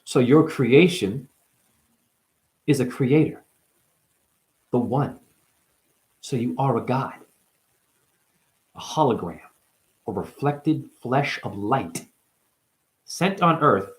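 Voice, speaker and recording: A man delivering a rambling spiritual monologue, free-associating through wordplay and jumping between near-whispers and sudden loud outbursts. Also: medium pitch, animated, slow pace, pauses often. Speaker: spiritual speaker.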